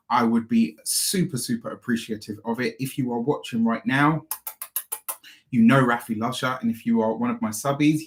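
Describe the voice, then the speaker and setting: Guy greeting his live viewers one by one, effusive and chatty, talking into a little clip mic. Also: medium pitch. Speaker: astrologer and tarot reader. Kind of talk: live stream chat with viewers. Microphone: small clip-on microphone.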